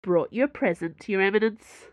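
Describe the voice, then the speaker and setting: A woman's voice: medium pitch, normal speed, no echo, natural voice. A woman voicing an impatient, furious woman special agent who talks through gritted teeth. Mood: angry.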